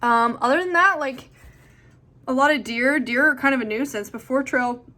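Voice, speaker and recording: A woman's voice: high-pitched, lively intonation, normal speed, sharp tone. A young woman answering viewer questions in a chatty, rambling way with lots of fillers. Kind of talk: casual chat.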